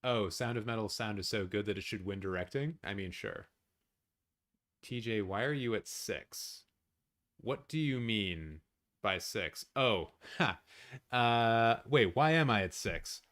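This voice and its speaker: A man hosting a live watch-along stream, chatting casually with his viewers, swearing often and reacting loudly. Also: fairly low pitch, unhurried. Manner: excitable, swears a lot, talks to chat.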